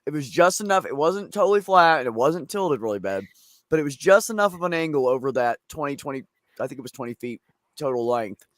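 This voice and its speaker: A man's voice: fairly high pitch, expressive, fairly quick, fairly bright tone, no echo, studio quality. A man hosting a casual chat, telling a long story in a rambling, profane way. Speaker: streamer host.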